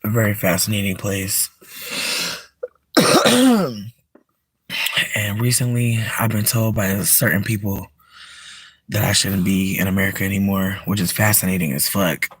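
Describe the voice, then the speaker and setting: Expressive and husky, this voice rants casually from inside a car at a measured pace, leaving long pauses. The livestreamer swears freely, mutters low and bursts into shrieking laughter. There's no echo.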